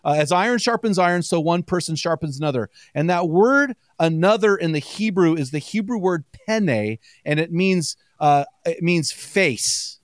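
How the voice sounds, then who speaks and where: A man guesting on a podcast, telling stories quickly with plenty of energy and laughter in a casual chat. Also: on the high side, no room sound, studio quality. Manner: energetic storyteller, quick and chatty, laughs often.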